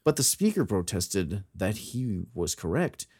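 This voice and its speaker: Male co-host, low voice, dry close mic, reads tales with dramatic character voices. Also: sing-song, measured pace, a little mellow, husky, no room sound. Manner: reads aloud with theatrical voices for quoted characters. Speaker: podcast co-host. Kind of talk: casual chat and reading a folk tale aloud.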